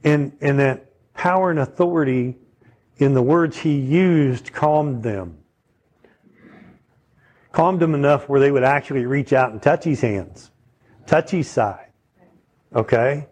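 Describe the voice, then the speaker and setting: A man's voice: medium pitch, takes it slowly, long pauses, darkish tone. A man preaching a sermon in a conversational teaching manner, often checking in with his listeners. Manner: conversational teaching, asks the audience questions.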